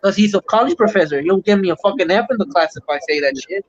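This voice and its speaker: High-voiced man ranting. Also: expressive, quick pace. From Puerto Rico. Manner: profane, heated ranting. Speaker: livestream host. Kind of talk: casual chat. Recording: muffled lo-fi stream audio.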